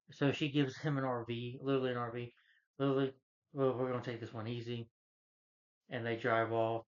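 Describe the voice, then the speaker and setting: Through dull audio, a medium-pitched man casually recaps a film as a reviewer. His spoken summary rambles, full of "you know" and "like."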